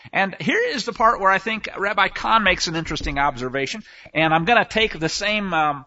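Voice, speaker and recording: Man, sermon, high bright voice, emphatic, rhetorical questions, dull lo-fi recording. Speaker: Bible teacher. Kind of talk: sermon on scripture.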